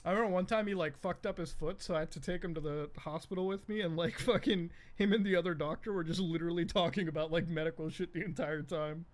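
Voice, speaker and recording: A man with a fairly high voice tells a rambling, casual story. He swears constantly, fills his sentences with fillers and often laughs along the way. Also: fairly even intonation, quick pace, few pauses. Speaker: streamer.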